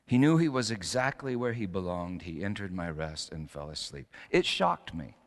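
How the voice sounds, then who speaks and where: Preacher, male, animated delivery, long hall reverb. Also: sits low, moderate pace. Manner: dramatic storytelling with rising emphatic peaks. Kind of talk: sermon.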